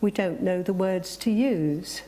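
A woman preacher reading a reflective story and moving into a sermon, gentle and with emphatic exclamations. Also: lowish voice, a little slow.

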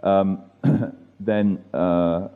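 Deep male study leader, slow deliberate scripture reading, tinny phone-quality audio. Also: fairly even intonation. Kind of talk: leading a church Bible study.

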